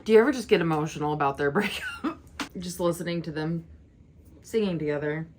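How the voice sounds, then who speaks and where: A woman's voice: lowish voice, big pitch swings, quick pace, a little hiss or hum. A young woman chatting casually while reacting to an album, giggly and teary. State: tearful. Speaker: music reaction vlogger. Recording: music playing loudly behind. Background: music.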